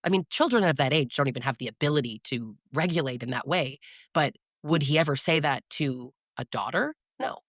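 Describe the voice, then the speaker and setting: Animated woman podcast host. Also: low-pitched, a little fast, no room sound, clean studio sound. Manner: animated, incredulous storytelling. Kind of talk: casual conversational podcast.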